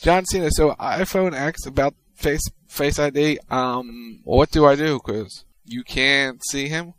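A man co-hosting a podcast, reading out tweets in casual chat with a wry, deadpan delivery. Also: medium pitch, unhurried, low-quality recording. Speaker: podcast co-host.

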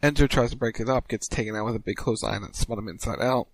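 A man co-hosting a casual podcast, recapping wrestling moves in quick play-by-play style. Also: no room sound, rough recording. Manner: rapid recap, mimics crowd chants in a higher voice.

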